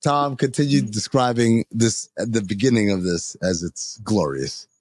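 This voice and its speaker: A man co-hosting a podcast, telling a story in a casual chat and jumping into high, excited voices when he quotes people. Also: moderate pace, no room sound. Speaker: podcast co-host.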